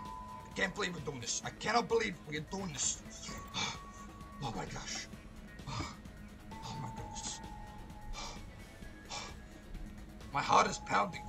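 A man commentating live on his gameplay, excitable and swearing, breaking into loud shouts and tossing out mock tough-guy mobster slang. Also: high-pitched, vocal fry. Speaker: let's play host.

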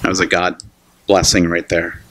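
A man's voice: low-pitched, completely flat delivery, normal speed, fairly bright tone, slight background noise. A man preaching a sermon in a loose, conversational way, repeating and restarting words and calling the listeners "guys". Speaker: pastor. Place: church.

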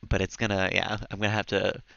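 Low-voiced man streaming at home. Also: monotone, fast talker, gravelly, pushed and bright, clear, resonant tone, dry recording. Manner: coaxing baby talk to his cat, laughs often. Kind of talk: casual live-stream chat. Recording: dull dry sound.

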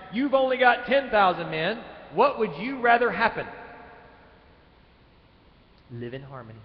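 Guy preaching, loud then quiet, echoey hall, bit muffled. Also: high voice. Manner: dynamic, swings from loud emphatic to quiet. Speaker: pastor. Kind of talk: sermon. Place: church sanctuary. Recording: echoey church hall, dull live stream.

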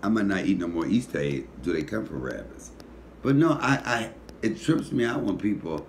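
This middle-aged man with a Detroit accent is a comedian hosting his cooking show, talking casually to camera as he rambles sleepily through profane comic stories. His voice is on the low side, animated and gravelly at a moderate pace, with a little hiss or hum in the recording.

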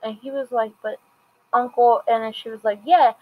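A woman's voice: on the high side, fairly even intonation, moderate pace, phone-quality sound. A woman casually recapping and reviewing a TV episode, retelling scenes through quoted dialogue in a chatty way.

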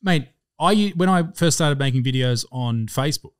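A young Australian man co-hosting a podcast, telling stage stories in a loose, profane way. His voice sits at an ordinary middle pitch. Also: animated, moderate pace, clear, resonant tone. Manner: swears constantly, tells stories with acted-out quotes. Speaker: podcast co-host. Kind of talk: casual chat.

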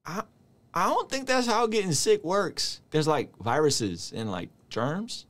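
Animated young man reacting with jokes. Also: on the high side. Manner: joking, laughing, quick asides to a friend. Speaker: YouTube commentator. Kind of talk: casual reaction commentary.

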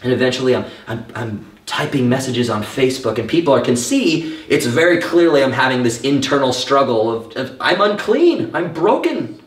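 A man preaching a sermon, telling his own story in an animated way and acting out the thoughts he had back then. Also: medium pitch, fairly quick, hardly any pauses. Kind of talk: sermon with personal testimony. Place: church hall. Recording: echoey room, mic at a distance.

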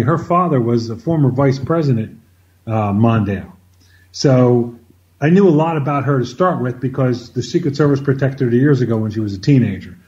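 A man as an interview guest, telling an anecdote in an animated conversational way, often repeating words as he starts a sentence. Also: medium pitch, muffled recording. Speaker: interview guest, former White House officer. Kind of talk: conversational storytelling.

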